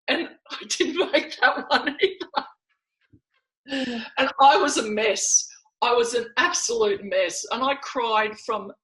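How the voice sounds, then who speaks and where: An Australian woman in her fifties, a former athlete telling stories in a podcast interview, lively and laughing often as she acts out old conversations. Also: medium pitch, rough recording. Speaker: guest, former netball player.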